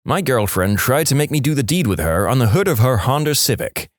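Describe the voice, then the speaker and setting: Lively-pitched man telling jokes. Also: fairly quick, no echo, studio quality. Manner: animated, slips into funny character voices. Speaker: podcast narrator. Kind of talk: joke storytelling narration.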